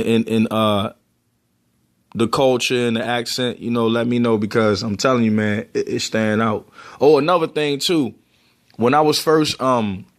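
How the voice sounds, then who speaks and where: A man from Baltimore with a Baltimore accent, rambling casually to the camera with lots of fillers. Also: mid-range voice. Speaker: vlogger.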